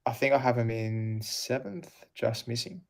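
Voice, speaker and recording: A man's voice: mid-range voice, moderate pace. Matter-of-fact man talking football. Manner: matter-of-fact, nostalgic explainer, teasing. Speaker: podcast co-host. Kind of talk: casual live match chat.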